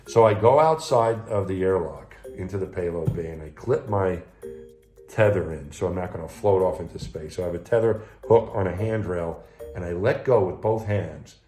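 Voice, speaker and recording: A man who was an astronaut, telling personal anecdotes to the camera in a relaxed conversational way. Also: sits low. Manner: anecdotal, conversational, warm retelling with acted quotes. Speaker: retired astronaut. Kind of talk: storytelling talk to camera.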